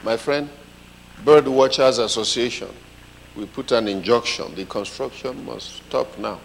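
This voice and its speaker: Animated, gravelly preacher man in a hall. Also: mid-range voice, a little slow, slight background noise. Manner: animated storytelling, comic voices. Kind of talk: sermon.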